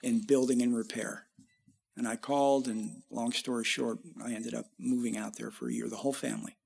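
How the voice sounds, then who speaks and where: A man's voice: medium pitch, brisk, creaky, breathy edge. A middle-aged man, a musician guest, telling long rambling stories in a casual interview. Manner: rambling, animated when quoting others.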